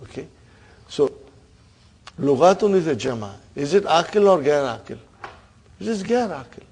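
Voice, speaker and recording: Gravelly man teaching grammar. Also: a little high, big pitch swings, normal speed, darkish tone. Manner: questioning students, frequent "huh?" and laughs. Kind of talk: online class teaching.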